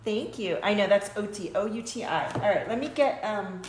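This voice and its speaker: A woman's voice: medium pitch, expressive, a little slow, few pauses, echoey room, background noise. A woman hosting a casual spiritual livestream from her small home studio, pulling oracle cards for viewers, chatting loosely and now and then breaking into chanted light-language syllables.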